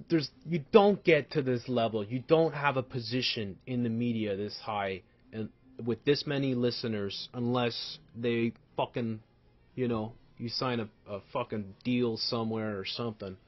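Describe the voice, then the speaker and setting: A man ranting angrily in commentary, profane and repetitive, swinging between shouting and low muttering. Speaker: commentator reacting to a video. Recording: dull lo-fi sound.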